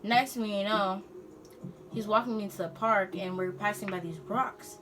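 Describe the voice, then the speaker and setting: Bright, slangy teen girl telling a story. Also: medium pitch, moderate pace, slight background noise. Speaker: vlogger. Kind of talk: storytime vlog.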